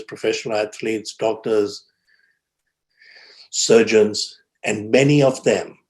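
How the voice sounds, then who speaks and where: A man speaking at a conference, telling a moving story with dramatic swings in pitch and loudness. He slows down for emphasis and lifts his voice when he quotes others. He has an ordinary mid-range voice. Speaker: symposium speaker. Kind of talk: storytelling keynote speech. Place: conference hall.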